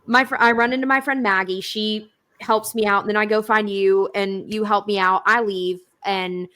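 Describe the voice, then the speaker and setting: A young woman, co-hosting a podcast and telling stories in a blunt, animated way. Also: medium pitch, moderate pace. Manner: animated storytelling, swearing, blunt. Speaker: podcast co-host. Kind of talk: casual chat.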